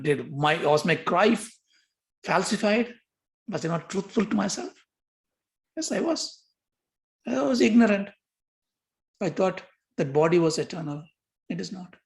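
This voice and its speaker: Older male teacher, lively questioning lecture delivery, prone to repeats. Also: high voice. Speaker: yoga philosophy teacher. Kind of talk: lecture on yoga sutras.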